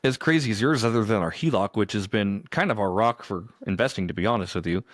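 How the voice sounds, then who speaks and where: A man's voice: lowish voice, animated, fast, no room sound. A man co-hosting a podcast, telling stories in an easygoing, chatty way and laughing often. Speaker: podcast co-host. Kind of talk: casual chat.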